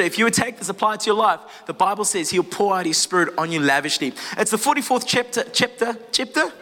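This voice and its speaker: A man preaching with a high, very bright voice that rings through a long hall reverb. He moves from casual asides to the congregation into fervent, impassioned prayer declarations. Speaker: pastor. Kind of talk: sermon. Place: church service.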